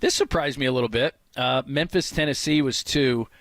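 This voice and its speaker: A man's voice: medium pitch, fairly quick, fairly bright tone, no room sound. Laughing Bay Area sports radio man. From San Francisco Bay Area. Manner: laughs often, reads lists aloud. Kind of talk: casual radio chat.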